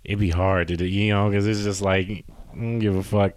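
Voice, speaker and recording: A man's voice: on the low side, flat delivery, normal speed, darkish tone, clean tone, no room sound. A man hosting a solo podcast from home, rambling and swearing, often losing his train of thought. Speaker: podcast host. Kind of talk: casual solo podcast monologue.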